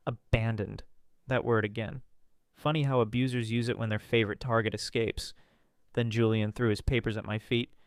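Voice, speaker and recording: Male storyteller, smooth and resonant, close dry mic, dramatic first-person read. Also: steady tone, normal speed, no echo. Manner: dramatic, voices characters with pitch jumps. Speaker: story narrator.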